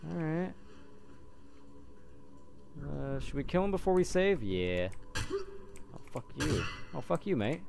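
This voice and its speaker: A man's voice: on the high side, lively intonation, slow, gravelly, long pauses, background noise. Jumpy young man playing horror game. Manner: jumpy, swears and yelps when scared. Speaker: gameplay commentator. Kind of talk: horror game let's play commentary.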